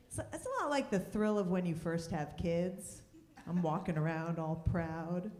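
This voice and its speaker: Woman comic, stand-up set, animated delivery, roomy club stage sound. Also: on the low side, unhurried, noisy background. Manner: wry, deadpan punchlines with lively asides. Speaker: stand-up comedian.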